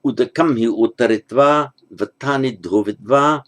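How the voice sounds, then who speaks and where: Pausing to think aloud, a medium-pitched male teacher moves through translation exercises in a slow, methodical language lesson focused on grammar.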